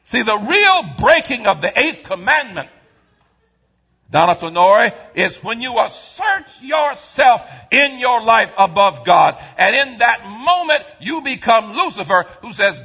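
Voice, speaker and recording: A man preaching a sermon in a church, swinging from quiet asides to shouted lines in a call-and-response style. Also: sits high, big pitch swings, a little slow, vocal fry, husky, lo-fi sound. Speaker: pastor. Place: church sanctuary.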